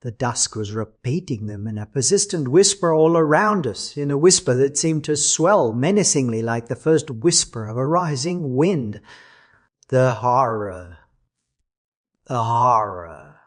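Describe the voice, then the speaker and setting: A man's voice: on the high side, expressive, moderate pace, few pauses. Dramatic male audiobook narrator. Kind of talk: expressive audiobook reading.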